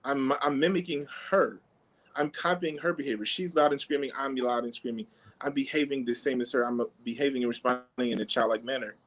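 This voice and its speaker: A man talks quickly and casually as a podcast host, his pitch sitting in an ordinary middle range. He loosely explains ideas and drops in quick sample dialogues. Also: steady tone, fairly bright tone, rough recording. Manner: conversational, peppered with fillers.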